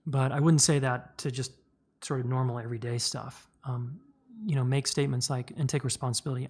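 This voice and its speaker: A middle-aged man talking casually and frankly as a podcast host. His voice sits in an ordinary mid-range pitch. He speaks bluntly, fills pauses with "um" and "uh", and doesn't hold back from swearing. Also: fairly even intonation, breathy edge. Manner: candid and blunt, with profanity and many fillers. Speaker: podcast host answering listener questions. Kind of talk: casual spoken advice.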